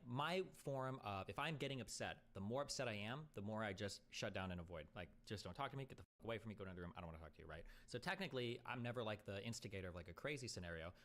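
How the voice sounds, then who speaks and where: A man's voice: fairly low pitch, a bit bright. A man hosting a casual live-stream debate, talking bluntly with lots of swearing and rambling asides. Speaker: streamer host.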